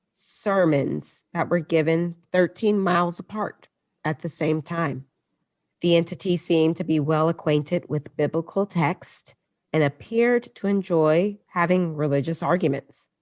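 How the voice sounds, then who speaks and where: A woman with a low voice hosts a podcast, telling a story in a relaxed, chatty way. She moves between read passages and offhand asides. The recording is dry and close. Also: no room sound. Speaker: podcast host. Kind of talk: casual storytelling chat.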